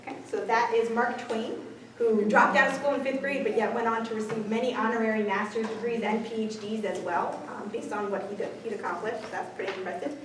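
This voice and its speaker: Woman, gifted-ed presenter, upbeat, high voice, echoey room, far from mic. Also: fairly even intonation, fairly quick, a bit bright, a little hiss or hum. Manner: upbeat, chatty storyteller. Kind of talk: presentation to teachers.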